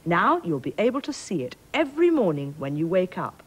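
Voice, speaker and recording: A woman voicing a sensible, patient storybook queen who stays calm and gently firm. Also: lowish voice, a little fast, husky, poor audio.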